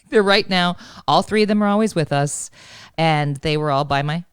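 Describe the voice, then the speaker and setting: A woman co-hosting a podcast, chatting casually and telling animated stories full of laughter. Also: sits low, normal speed, smooth, no echo. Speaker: podcast co-host. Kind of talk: casual chat.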